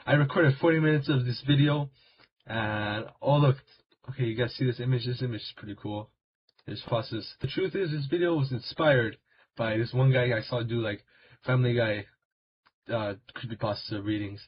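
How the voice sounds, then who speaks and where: A man's voice: medium pitch, normal speed, breathy edge. A man hosting a comedic creepypasta reading, rambling, crude and self-mocking. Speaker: video host. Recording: dull lo-fi recording with music.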